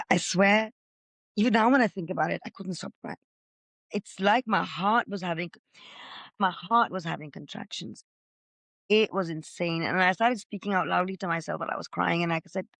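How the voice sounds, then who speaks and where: Woman, podcast guest, middle-aged, gravelly, loud expressive storytelling, dry sound. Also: on the low side, no echo. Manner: expressive, says she is loud and gregarious. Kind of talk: emotional personal storytelling.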